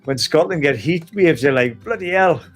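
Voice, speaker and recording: A co-host from northeast England with a Newcastle Geordie accent chats on a casual live stream, laughing often. His voice is fairly high in pitch and husky.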